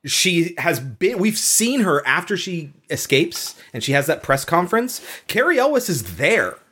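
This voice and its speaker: Woman, podcast co-host, animated movie recap, swears casually, lively pitch. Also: measured pace, breathy edge.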